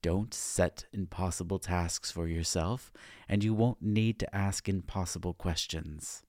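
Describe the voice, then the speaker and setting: A man voicing an ancient, menacing male seer who speaks in a slow, hissing, ominous way. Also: deep voice, steady tone, a little mellow, dry recording, studio quality. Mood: solemn.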